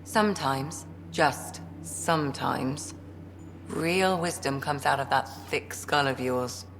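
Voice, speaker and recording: A wry female ship doctor in a video game. She speaks very low, with a gravelly edge. She is dry and teasing, with a faint hiss of noise behind her. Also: takes it slowly. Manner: dry, teasing and self-deprecating.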